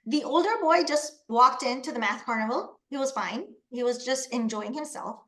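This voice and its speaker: High-voiced woman telling anecdotes. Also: moderate pace. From Panama. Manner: animated storytelling, acts out quoted voices. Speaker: webinar presenter. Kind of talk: webinar talk with personal anecdotes.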